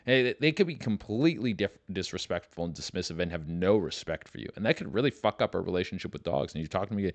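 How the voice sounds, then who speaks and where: A man's voice: low voice, expressive, quick pace, few pauses, dry recording. Profane, riffing male podcast host. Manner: loose, profane, riffing with mock voices. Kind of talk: casual comedic rant.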